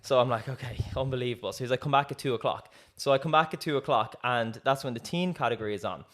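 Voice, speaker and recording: A young man, a podcast co-host telling a story in casual chat, acting out quoted dialogue with frequent laughs. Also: mid-range voice. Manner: lively, acts out quoted dialogue, laughs often.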